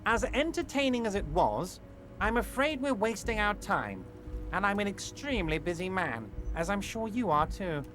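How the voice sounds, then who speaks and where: Chefe sindical untuoso e agudo. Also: male voice, high-pitched, very animated, moderate pace, fairly bright tone, faint music behind. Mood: oily reassuring. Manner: oily, falsely reassuring. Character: large smooth-talking male union boss. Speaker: game character voice.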